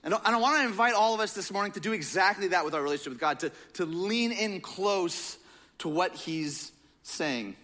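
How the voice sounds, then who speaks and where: A young man preaching a sermon in a casual, joking, animated storytelling manner. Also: sits high, a little fast. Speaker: pastor.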